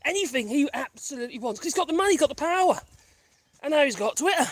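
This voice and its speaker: A woman's voice: high-pitched, lively intonation, fast, dry recording. A woman vlogging casually on a country path, rambling and chatty while out of breath. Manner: rambling, chatty, laughs often. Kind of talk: casual chat while walking.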